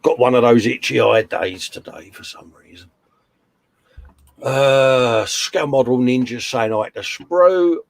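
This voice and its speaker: With vocal fry in a mid-range voice and a measured pace, a man runs a casual livestream, reading out comments and joking around in a rambling, chatty manner full of "uh" and "mate." No room sound is audible.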